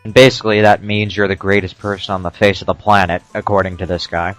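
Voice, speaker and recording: A man doing casual commentary over a video game, explaining tips with dry jokes and frequent "uh" pauses. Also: fairly low pitch, level tone, dry recording, soft background music. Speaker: let's play commentator.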